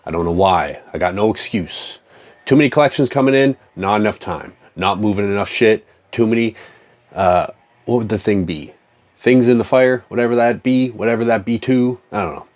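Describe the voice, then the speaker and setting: A man's voice: lowish voice, normal speed, a little mellow. A man in a profane, joking, rambling casual chat, talking as a comic collector.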